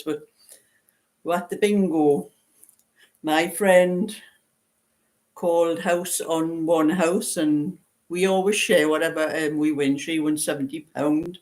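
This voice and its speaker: A woman's voice: fairly low pitch, a little mellow. A woman in her seventies with a light Geordie accent, rambling and chatting as she hosts a live stream, often breaking into laughs. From Newcastle, northeast England. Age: 70s. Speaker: knitting channel host. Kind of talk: casual livestream chat.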